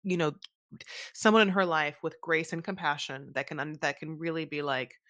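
Animated, blunt woman podcast co-host. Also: low-pitched, moderate pace, no echo, studio quality. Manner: animated, filler-heavy, blunt and profane. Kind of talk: casual chat recapping a reality show.

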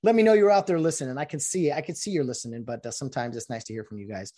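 A man's voice: mid-range voice, racing, dark tone. A middle-aged man hosting a solo podcast, explaining rules in a chatty, rambling way with many fillers. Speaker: podcast host. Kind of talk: casual solo podcast talk.

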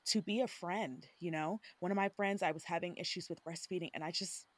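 A woman who is an OB-GYN guest on an interview, giving earnest advice and thinking out loud. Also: on the low side, a little fast, no room sound. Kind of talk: casual conversational interview.

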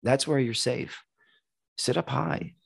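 A man's voice: mid-range voice, takes it slowly, creaky, slightly rough, dry recording. A middle-aged man from the United States, telling stories in a casual chat, loose and profane. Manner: profane, animated storytelling.

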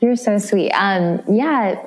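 A woman's voice: medium pitch, slow. A young woman from the Midwest, a guest in a casual interview, speaking candidly and emotionally with many restarts. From American Midwest.

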